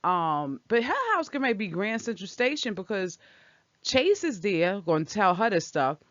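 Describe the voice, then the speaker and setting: A woman's voice: medium pitch, sing-song, a little slow, a bit bright, dry recording. A woman casually recapping a soap opera episode, talking back at the characters with strong opinions. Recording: dull lo-fi dry recording.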